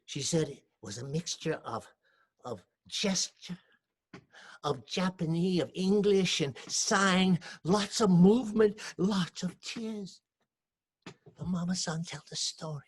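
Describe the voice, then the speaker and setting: A man with a Hawaiian Pidgin accent telling a story aloud, acting out voices and dropping to hushed whispers. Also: high voice, slow pace, slightly rough. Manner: animated, acts out voices, shifts from shouts to hushed whispers. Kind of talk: oral storytelling. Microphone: home recording for video call show.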